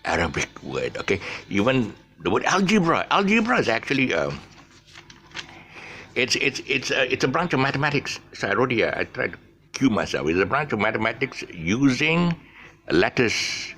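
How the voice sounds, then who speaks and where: A man's voice: mid-range voice, sing-song, normal speed, pushed and bright, a little hiss or hum. A man teaching a casual English lesson, rambling with fillers and restarts as he explains words. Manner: rambling, many fillers and restarts, laughs at himself.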